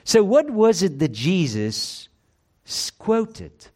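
A man preaching a sermon with emphasis and rhetorical questions, dropping low and quiet to stress key phrases. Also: big pitch swings, takes it slowly.

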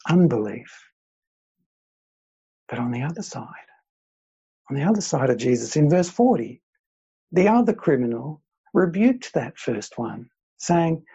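A man's voice: medium pitch, gravelly, mellow, slightly rough, highs cut off. A man preaching a sermon, earnest, with frequent fillers and repeated phrases. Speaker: pastor.

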